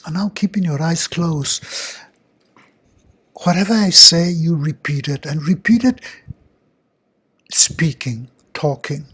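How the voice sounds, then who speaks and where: Older man, husky voice, fairly high pitch, earnest guided affirmations. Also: fairly bright tone. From Argentina. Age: 60s. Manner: slow, repetitive, earnest questioning. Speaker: self-help speaker.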